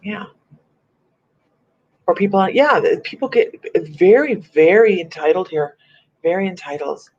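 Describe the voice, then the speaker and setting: A woman hosting a casual live-stream chat as a psychic medium, chatty and animated, laughing often. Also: on the low side, a little slow, long pauses, breathy edge. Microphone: computer or phone on a live video stream. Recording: muffled lo-fi stream audio.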